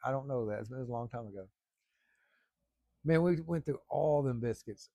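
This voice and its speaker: A middle-aged man spins a rambling family yarn, peppering it with salty words. His voice is gravelly with a bit of fry, and it sounds close and dry, with no room behind it. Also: mid-range voice, normal speed, warm tone, dry recording. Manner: rambling, folksy, salty language. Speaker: storyteller. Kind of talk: casual spoken storytelling.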